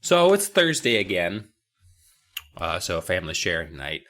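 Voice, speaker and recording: A man's voice: low-pitched, very animated, unhurried, fairly bright tone. A man co-hosting a podcast who recaps a story in casual chat with wry, profane, jokey asides. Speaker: podcast co-host.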